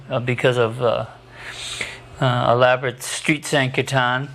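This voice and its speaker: A man narrating a documentary in a plain, matter-of-fact way, pausing often on hesitations. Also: mid-range voice, fairly bright tone.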